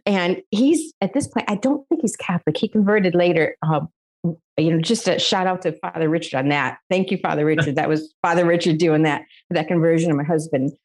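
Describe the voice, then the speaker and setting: A woman's voice: fairly low pitch, fairly quick, darkish tone. Middle-aged American woman, interview guest, emotional testimony, earnest delivery. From United States. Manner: earnest, emotional storytelling with laughs. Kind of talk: personal faith testimony.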